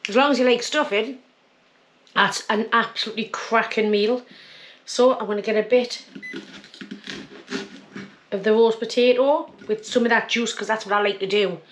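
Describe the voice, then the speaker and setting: A woman's voice: a little high, fairly even intonation, moderate pace, long pauses, a little hiss or hum. A woman hosting a casual cooking vlog, chatting homely while she eats. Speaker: cooking channel host.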